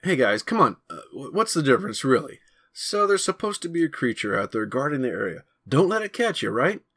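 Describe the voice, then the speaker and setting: A man voicing a wide-eyed, excited teenage boy who tries to keep the peace. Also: medium pitch, brisk, dry recording, studio quality, voice pushed up. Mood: upbeat.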